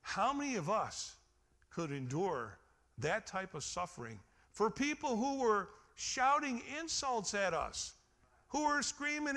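A man preaching a sermon as pastor, calling out to the congregation and swinging between loud exclamations and quiet emphasis. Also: high voice, very animated, a little slow. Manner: calls out to the congregation for responses.

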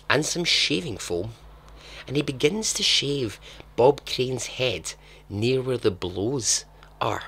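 A man hosting a storytelling podcast, narrating in a chatty, dramatic way with joking asides. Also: fairly low pitch. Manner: chatty, dramatic, laughs at his own asides. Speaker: podcast host.

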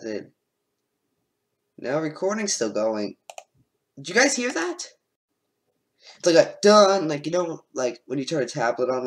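A man giving casual, sarcastic commentary while reacting to video clips, with lots of filler words. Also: mid-range voice.

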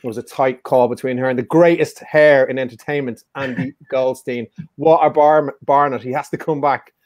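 A quiz show host runs a live-streamed music quiz in a casual, joking, teasing manner full of playful banter. His medium-pitched voice has fairly even intonation and a moderate pace, captured in clean studio sound with no echo.

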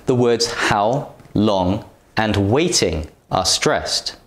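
Male teacher, scripted lesson, unhurried careful delivery, roomy echo. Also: lowish voice, animated. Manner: careful, deliberate, clearly enunciated. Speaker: English pronunciation teacher. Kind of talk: slow scripted lesson narration.

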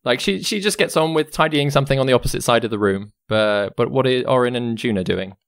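A man's voice: mid-range voice, quick pace, fairly bright tone, clear, resonant tone, no room sound, clean studio sound. A man running a tabletop game as dungeon master, loose and full of fillers. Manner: loose, filler-heavy, laughs easily.

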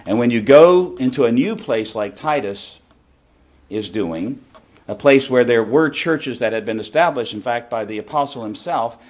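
Animated and at normal speed, this Southern American man in middle age delivers a preaching-style conference talk with real emphasis. His medium-pitched voice keeps circling back to repeat key phrases.

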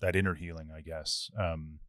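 A man's voice: a bass voice, flat delivery, normal speed, a bit bright, no echo, clean studio sound. A man, a pastor, chatting casually and affirming his partner often. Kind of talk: casual conversation.

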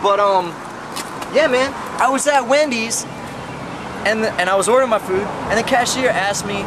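A man's voice: normal speed, background noise. A young man rambling through an improvised comedy sketch as a goofy salesman, recorded outdoors by a street. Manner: rambling, goofy, high put-on voice early.

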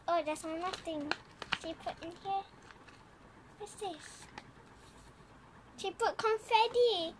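A young female vlogger opening a gift, excitable and quick to squeal with delight. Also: very high-pitched. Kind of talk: gift unboxing vlog. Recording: background noise with paper crinkling.

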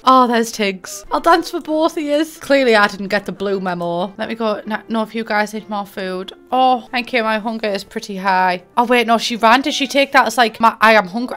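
Young woman from middlesbrough rambling over a game, a bit high-pitched, giggly, swears a lot, teases herself. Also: brisk, hardly any pauses, a bit bright. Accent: Middlesbrough English. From England. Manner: chatty, giggly, swearing, self-mocking. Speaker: gaming YouTuber. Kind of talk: casual gameplay commentary.

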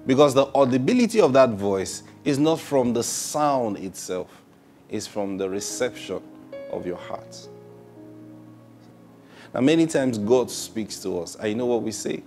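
A man preaching a sermon, laughing often and repeating praise, swinging between loud bursts and hushed, drawn-out phrases. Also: mid-range voice, lively intonation, soft background music. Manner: laughs often, repeats "Praise God", asks rhetorical questions.

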